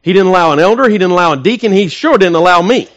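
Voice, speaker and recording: Male pastor, high tenor voice, emphatic preaching that swells loud then drops to hushed asides, asks the congregation questions. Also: lively intonation, racing, dull audio. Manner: emphatic preaching, rising to loud peaks and dropping to soft, intimate asides. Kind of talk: sermon.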